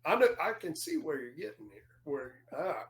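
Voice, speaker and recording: A man's voice: fairly high pitch, wildly swooping pitch, moderate pace. A man telling stories in casual podcast chat, rambling with many fillers and restarts.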